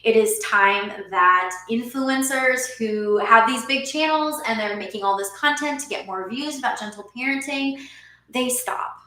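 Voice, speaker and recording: A woman in her thirties talks straight to camera as a parent coach, earnest and explanatory, with a bright, clear tone. Her voice carries a noticeable room echo, and she laughs lightly between points. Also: on the high side, moderate pace, hardly any pauses. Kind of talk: talking-head vlog.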